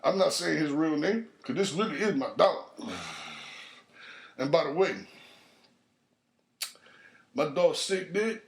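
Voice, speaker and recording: A man hosting a podcast, telling a crude street story in a casual, profane monologue and jumping into higher voices for the people he quotes. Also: slow, gravelly, pauses often. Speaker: podcast host.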